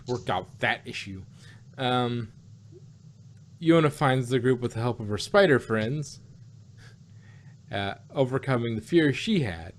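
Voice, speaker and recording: A man's voice: medium pitch, lively intonation, a little slow, pauses often, a little hiss or hum. A man hosting a casual podcast and recapping a cartoon episode, rambling along with lots of fillers and self-corrections.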